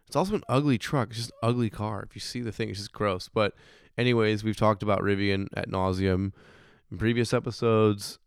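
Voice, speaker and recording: Man, 30s, hoarse voice, casual finance podcast host, rambling, swearing, low pitch, dry close sound. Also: steady tone, fairly quick, no room sound. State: hoarse, recovering voice.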